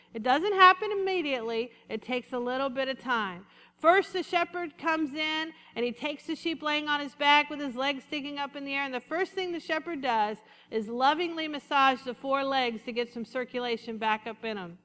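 A woman preaches with lively energy, dropping low and slowing down for quoted lines and then climbing back up. Her voice sits high and sounds bright and sharp. A long reverb trails each phrase, as if she speaks in a large hall. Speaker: pastor. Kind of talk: sermon.

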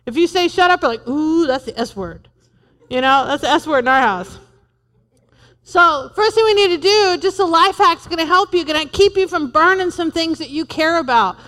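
High-voiced woman preaching in a hall. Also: a little fast, fairly bright tone. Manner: humorous, emphatic, repeats lines. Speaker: pastor's wife preaching. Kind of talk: sermon.

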